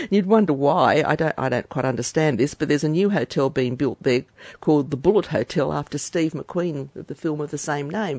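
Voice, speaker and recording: A man's voice: on the high side, darkish tone, no echo. A man chatting casually as a radio travel presenter, friendly and rambling.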